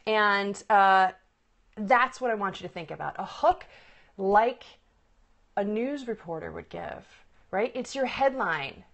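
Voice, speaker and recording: A woman's voice: mid-range voice, expressive, takes it slowly, fairly bright tone. Upbeat woman coaching on a phone stream. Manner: upbeat, conversational, laughs often, asks "right?". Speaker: presentation coach. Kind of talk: live-stream teaching talk.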